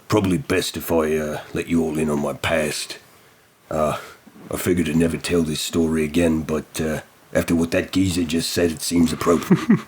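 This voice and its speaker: A man doing a deep-voiced haunted ex-knight. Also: darkish tone. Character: large, gruff male ex-knight, reserved and haunted. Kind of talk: voicing a character in a tabletop game.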